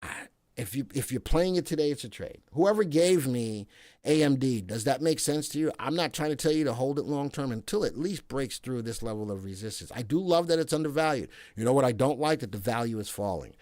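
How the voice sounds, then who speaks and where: A man's voice: medium pitch, expressive, fairly quick, a little mellow, no echo, clean studio sound. A man hosting a casual stock market livestream, chatting with viewers and reading their comments between chart talk, playful and talkative.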